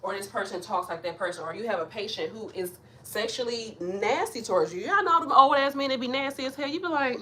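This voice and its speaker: A blunt, animated woman, talking straight into her camera like a rambling chat with friends. She swears freely and breaks into laughter. A faint hiss of noise sits under her voice. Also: on the high side, fairly quick, hardly any pauses. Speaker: nurse vlogger. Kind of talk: casual, rambling to-camera talk. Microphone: camera mic.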